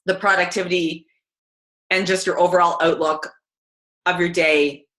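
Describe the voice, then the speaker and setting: A chatty, energetic woman, giving a casual motivational talk to her team. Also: on the low side, normal speed. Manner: chatty and energetic, many fillers. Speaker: team call speaker. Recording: roomy echo.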